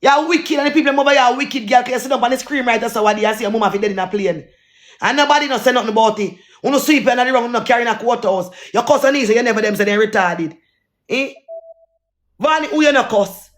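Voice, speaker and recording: A man with a Jamaican accent and a notably high-pitched voice, speaking on a live stream. He rants in heated patois, circling back to the same taunts again and again. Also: fast, fairly bright tone.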